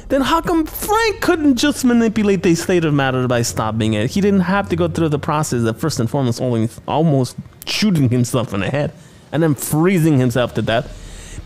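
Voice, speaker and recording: Casting: excitable male podcast host, sarcastic recap, high lively voice. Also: moderate pace. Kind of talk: comedic movie recap.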